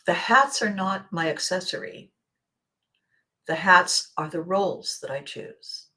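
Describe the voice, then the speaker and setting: A woman from Canada hosting a solo motivational podcast, talking in an animated, playful way and laughing often. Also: lowish voice, a little slow. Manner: animated and playful, laughs often, acts out little quoted exchanges. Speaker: podcast host.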